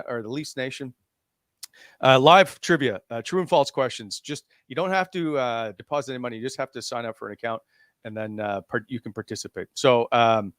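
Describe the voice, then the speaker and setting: Brief: relaxed male show host, filler-heavy ad reads, dry close voice. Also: medium pitch, clean tone, no echo. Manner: loose and chatty, many "uh" fillers while reading ads. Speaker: podcast host. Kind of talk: casual chat and live sponsor reads.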